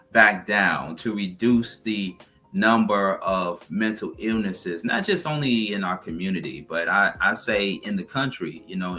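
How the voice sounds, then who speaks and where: A man hosting a community TV talk show, asking questions and running through upbeat plugs and thank-yous. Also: fairly low pitch. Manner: upbeat sign-off with repeated plugs. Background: soft music bed.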